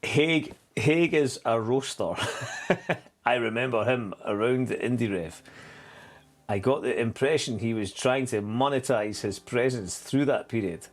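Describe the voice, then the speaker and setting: A man's voice: medium pitch, unhurried. A man hosting a podcast, rambling and sardonic, full of fillers and restarts. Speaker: podcast host. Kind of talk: casual commentary.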